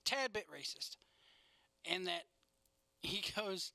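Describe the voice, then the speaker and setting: A man's voice: on the high side, unhurried, gravelly, sharp tone, no echo. A young man hosting a casual wrestling podcast, rambling through a recap with sarcastic asides and frequent laughs.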